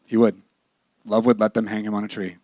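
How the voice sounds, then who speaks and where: A man's voice: fairly low pitch, flat delivery, a little fast, dark tone, no echo, studio quality. A man teaching a ministry class in a candid, emphatic, conversational sermon style. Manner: emphatic and candid, with bursts of laughter.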